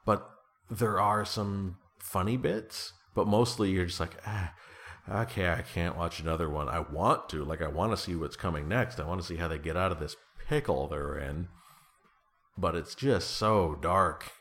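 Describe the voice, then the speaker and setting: A very low-pitched middle-aged man talks loosely and casually as a guest. He wanders through his thoughts with frequent restarts and fillers, and he pokes fun at himself. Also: moderate pace, fairly bright tone. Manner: rambling, self-deprecating, trails off with fillers and restarts. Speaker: guest being interviewed. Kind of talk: casual conversation.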